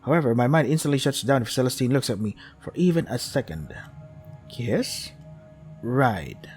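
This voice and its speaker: A man's voice: mid-range voice, animated, fast, a little mellow, soft background music. A man reading a visual novel aloud, with wry asides that include swearing. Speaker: game streamer.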